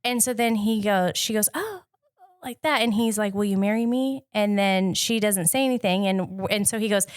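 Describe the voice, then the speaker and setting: A middle-aged woman recounts a family moment on a podcast with lively, chatty delivery. Her voice sits at a middle pitch, recorded close and dry. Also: normal speed, smooth, no room sound. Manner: lively, mimics voices when quoting. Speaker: podcast co-host. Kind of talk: casual chat, storytelling.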